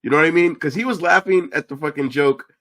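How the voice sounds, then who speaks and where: A man co-hosting a podcast in casual chat, animated and swearing, acting out quotes in a lower voice. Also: fast. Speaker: podcast co-host.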